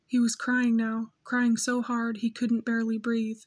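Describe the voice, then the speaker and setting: A woman reading a novel aloud in steady, measured scripted narration. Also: fairly high pitch. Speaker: audiobook narrator.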